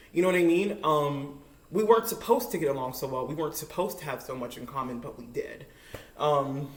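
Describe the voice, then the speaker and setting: A camera on a makeshift tripod catches a young cooking vlogger's deep, roomy-sounding voice as she tells a casual story while cooking at home. She talks in a chatty, giggly way, with plenty of likes and ums.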